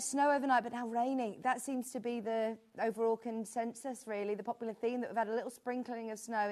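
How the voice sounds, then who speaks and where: A British woman presents a live shopping show, her voice fairly high in pitch with a darkish tone. Speaking British English, she rambles in a friendly way, full of asides, as she chats to sell.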